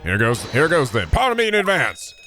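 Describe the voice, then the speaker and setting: A man's voice: on the high side, wildly swooping pitch, a little fast, over loud music. A man voicing an earnest, flustered young male law student in a game, reading with dramatic exasperation. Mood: exasperated.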